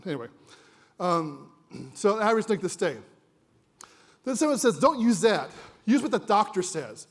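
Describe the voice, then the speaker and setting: High-voiced man giving a chatty conference talk. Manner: conversational, jokey, asks the audience questions. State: a little winded. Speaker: conference presenter. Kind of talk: live conference presentation. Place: conference room with audience.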